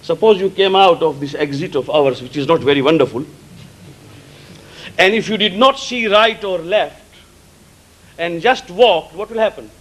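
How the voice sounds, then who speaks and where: A male preacher whose first language is Gujarati, giving a sermon in an emphatic way, repeating key words and explaining terms slowly. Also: high-pitched, fairly bright tone, poor audio. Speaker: religious preacher.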